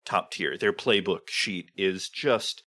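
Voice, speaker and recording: A man's voice: low voice, slow, sharp tone. A man guesting on a podcast, explaining game design in a thoughtful, casual way and leaning on lots of "like" fillers. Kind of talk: casual chat about tabletop games.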